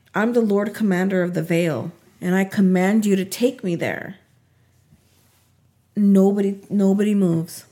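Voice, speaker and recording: A woman talks through a story in a relaxed, unhurried way, drawing her words out. She acts out each character's lines as she goes. Her pitch sits in an ordinary middle range. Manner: animated retelling, acts out quotes. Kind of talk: casual podcast recap.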